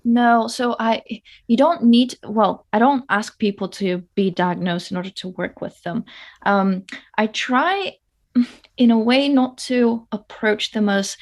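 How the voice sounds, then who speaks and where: A woman's voice: on the high side, unhurried. A woman who works as a coach, a podcast guest explaining her approach thoughtfully with some hesitations. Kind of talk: casual conversation.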